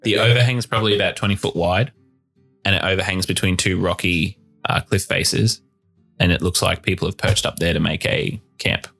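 Deep flat-voiced game master. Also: male voice, brisk, creaky, slightly rough, soft background music. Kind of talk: narrating a tabletop game.

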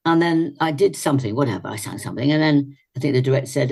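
An older actress and singer telling chatty anecdotes as an interview guest, laughing often. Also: female voice, extremely low pitch, animated, fast talker, creaky, darkish tone, breathy edge.

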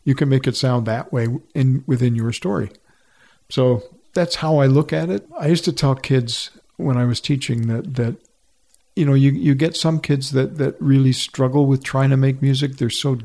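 Man, older, gravelly voice, mellow tone, reflective storyteller, interview guest. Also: mid-range voice. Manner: reflective storytelling with frequent restarts. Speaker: retired orchestra musician, guest. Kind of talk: conversational interview.

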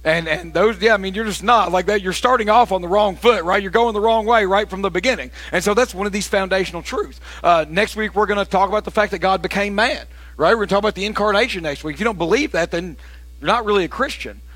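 Folksy pastor, bright tone, animated sermon delivery. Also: male voice, high-pitched, fast talker, no echo. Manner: animated storytelling, bursts into shouted preaching; casual, folksy with "man" and "y'all".

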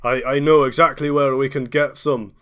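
A man's voice: medium pitch, fairly even intonation, moderate pace, fairly bright tone, smooth, close to an everyday voice. A man voicing a bumbling male ship captain with a Scottish accent who rambles and meanders. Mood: rambling.

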